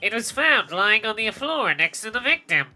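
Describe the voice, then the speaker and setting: Casting: a formal, pompous prosecutor played by a woman, sharp-toned and lively. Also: on the high side, moderate pace, full character voice. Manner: formal, theatrical.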